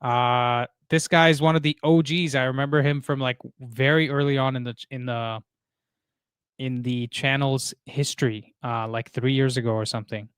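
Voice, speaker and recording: A man hosting a live stream chats easily and reads out viewer messages. His voice is smooth and clear, recorded dry on a close streaming mic, and he often pauses with "uh" and "um" as he goes. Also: medium pitch, no echo. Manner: relaxed, reads chat messages aloud, many fillers. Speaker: livestream host. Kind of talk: casual live stream chat.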